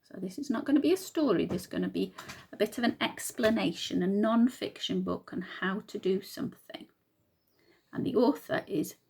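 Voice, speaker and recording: A woman teacher reading a picture book aloud to young children, slow and patient, sounding out words. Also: medium pitch, husky.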